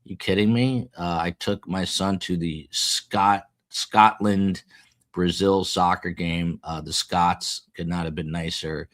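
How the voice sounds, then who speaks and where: Low-voiced guy hosting a live stream, animated, reading off chat comments casually. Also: slow. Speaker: livestream show host.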